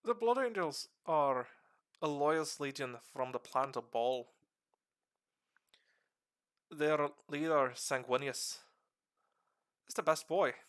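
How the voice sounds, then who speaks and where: A man streaming live and explaining game lore to a friend in a casual, animated way with casual swearing. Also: fairly high pitch, takes it slowly, long pauses.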